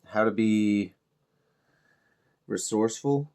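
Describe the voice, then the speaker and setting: A middle-aged man talks in a loose, rambling way while he paints miniatures. His voice sits a little low, and he swears freely and pokes fun at himself in an easygoing, unhurried manner. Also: warm tone. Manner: laid-back, swears freely, self-mocking humor. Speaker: miniature painting channel host.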